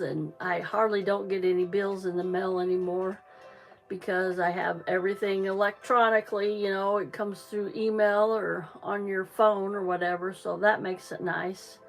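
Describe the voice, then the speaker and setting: A middle-aged woman talks to her livestream viewers in an unhurried, rambling way, full of ums and false starts. She sounds a touch out of breath, and soft music plays faintly behind her in a small home. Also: medium pitch, little pitch movement, gravelly. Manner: rambling, chatty, many ums and restarts. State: slightly out of breath. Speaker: livestream crafter. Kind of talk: casual livestream chat.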